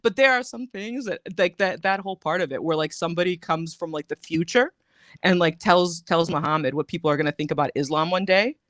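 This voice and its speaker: A man's voice: on the high side, a little fast, fairly bright tone, dry recording. A man hosting a live stream, rambling through casual comedic commentary with many fillers.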